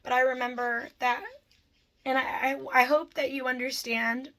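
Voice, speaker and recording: A woman's voice: high voice, little pitch movement, normal speed, a bit bright, poor audio. A woman telling her own life story to her viewers, frank and rambling, swearing freely and speaking straight to them. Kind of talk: candid personal storytime.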